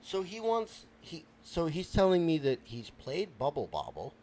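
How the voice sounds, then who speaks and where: A man's voice: a little high, wildly swooping pitch, a little slow, a little mellow, a little hiss or hum. A man playing an exasperated go-between. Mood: explaining. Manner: explaining, placating. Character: exasperated adult male bystander who tries to mediate. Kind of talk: comedic character sketch.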